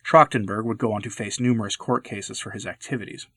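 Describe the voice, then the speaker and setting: A man giving earnest, measured scripted commentary, stressing key words as he reads. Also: on the low side, steady tone, bright, forceful tone, breathy edge, dry recording.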